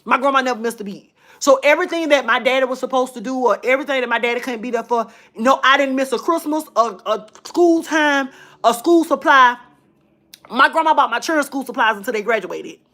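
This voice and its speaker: A woman's voice: sits high, fairly quick, a bit bright. Emotional chatty woman. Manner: chatty, emotional, addresses viewers as y'all. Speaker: vlogger. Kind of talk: casual personal storytelling to viewers.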